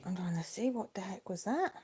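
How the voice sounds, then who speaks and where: Filming on a phone at home, a crafting channel host rambles chattily to her viewers and her dog during a relaxed live stream. She has a medium-pitched, husky, slightly mellow voice, speaking animatedly and a bit fast.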